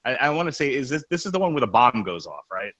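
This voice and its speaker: A man's voice: mid-range voice, quick pace, poor audio. A man co-hosting a comics podcast, talking casually in a rambling way with many restarts. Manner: rambling, restarts often, animated. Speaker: podcast co-host.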